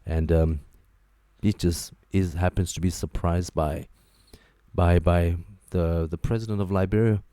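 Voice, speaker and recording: A man hosting a talk show, giving joking, animated commentary and repeating his phrases for emphasis. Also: low-pitched, a little slow, clear, resonant tone, no echo, studio quality. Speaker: host. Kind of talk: casual commentary monologue.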